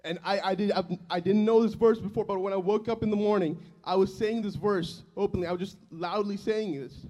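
A man in his twenties preaching a sermon, telling his own testimony in an earnest, emotional way that swells loud and drops soft. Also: sits high, steady tone, a little fast, hardly any pauses. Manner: earnest and emotional, loudness rising and falling.

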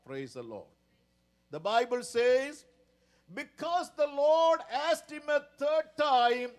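A man preaching a sermon in a slow, dramatic way, often repeating a stock praise phrase. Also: very high-pitched, big pitch swings.

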